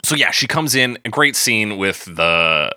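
A man co-hosting a casual movie-review podcast, animated, swearing freely and laughing often. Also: lowish voice, unhurried, clean tone, no echo, clean studio sound. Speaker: podcast co-host.

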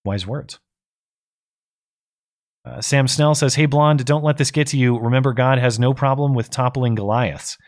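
A man's voice: mid-range voice, normal speed, long pauses. A male co-host in casual political talk, tired with his voice going, reading out viewer messages and thinking aloud with restarts.

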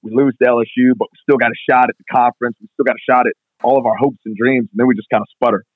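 A strength coach being interviewed, telling stories in a fast, casual way full of "like". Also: male voice, mid-range voice, fairly even intonation, no echo. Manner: fast, filler-heavy, constant "like". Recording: tinny phone-like line, dry.

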